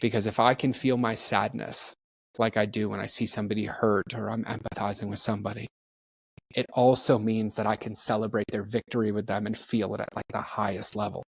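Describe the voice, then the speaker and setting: A man's voice: fairly low pitch, no room sound. A man speaking as a podcast guest, telling candid, heartfelt stories in a casual way. He acts out the people in his stories and often says "like". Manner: peppers speech with "like". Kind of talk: candid conversational storytelling.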